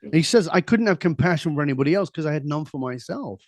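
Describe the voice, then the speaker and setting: A middle-aged man speaking as an interview guest, his voice sitting a little higher than most men's. He tells his stories with animated energy, quick asides and easy laughter. The sound is dry and close, with no room echo. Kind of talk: conversational storytelling.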